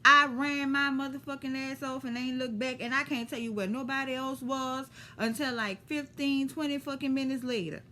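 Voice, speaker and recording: A woman with a New Orleans accent telling a story to camera in a lively, profane, slangy way. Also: high voice, moderate pace, hardly any pauses, slight background noise. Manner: animated, profane, street slang. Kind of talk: casual storytime.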